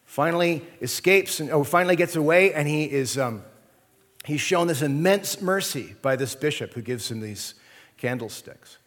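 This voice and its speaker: Male pastor, slightly high voice, conversational sermon, long hall reverb. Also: lively intonation, moderate pace, fairly bright tone. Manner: conversational preaching with frequent "right?" and "okay?".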